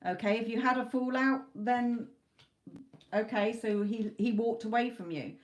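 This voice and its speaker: A woman's voice: a little high, a little slow. Chatty woman giving a tarot reading. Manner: talks in loose spoken chunks, restarts often. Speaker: tarot reader. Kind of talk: live tarot reading, casual monologue.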